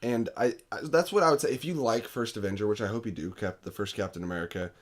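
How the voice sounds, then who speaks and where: Excitable young man reviewing movies. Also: fast talker. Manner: enthusiastic, acts out quotes with big pitch jumps. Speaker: podcast co-host. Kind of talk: casual movie review chat.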